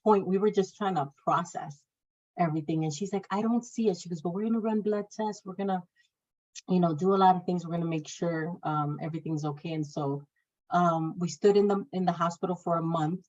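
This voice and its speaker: A woman's voice: fairly low pitch, a little fast, darkish tone. A woman sharing a personal testimony of faith in casual talk, telling it with feeling and acting out the words of the people in her story. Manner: emotional storytelling, acts out quoted speech; faith-filled, speaks of God. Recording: dull lo-fi audio.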